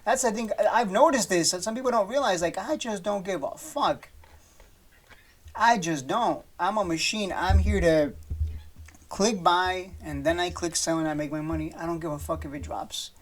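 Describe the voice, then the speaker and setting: A man's voice: high-pitched, moderate pace. Blunt, foul-mouthed man talking stocks. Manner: blunt, swears freely, dismissive of panic; loose and rambling with many restarts and fillers. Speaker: stock market commentator. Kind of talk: casual screen-share stock commentary.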